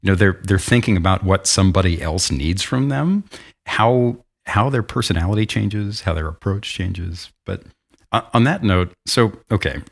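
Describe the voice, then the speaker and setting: Brief: very low-voiced male host, chatty, animated, quick asides. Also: vocal fry. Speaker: podcast host. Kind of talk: casual podcast chat.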